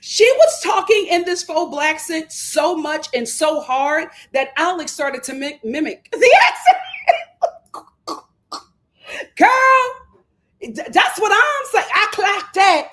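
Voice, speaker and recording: A woman's voice: slow pace, long pauses. Indignant woman commenting on reality TV. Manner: animated, indignant, laughs and jumps up in pitch when quoting herself. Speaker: commentary channel host.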